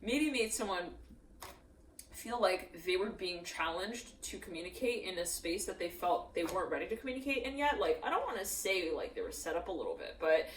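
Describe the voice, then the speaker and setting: A woman's voice: lowish voice, lively intonation, a little fast, a little hiss or hum. A woman giving a channeled tarot reading in a loose, rambling way, acting out quoted voices as she goes. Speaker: tarot reader. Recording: echoey room, mic at a distance.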